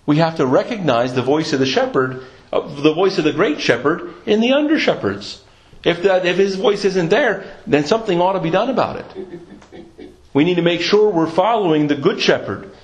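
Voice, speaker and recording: Male preacher, earnest and emphatic, reads scripture, slightly high voice, roomy echo. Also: animated, normal speed. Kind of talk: sermon with scripture reading. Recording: echoey room.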